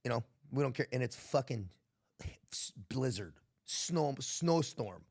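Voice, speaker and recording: A man's voice: medium pitch, expressive, unhurried, gravelly, darkish tone, husky. An American man, a military veteran guest, telling stories in a laid-back, profane way and laughing often. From United States. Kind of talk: casual podcast storytelling.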